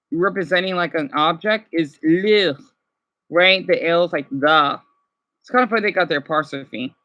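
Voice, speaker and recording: A man's voice: a little high, pushed and bright, muffled recording. A man chatting casually with his live chat, rambling and hesitant with many restarts. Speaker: livestreamer answering chat.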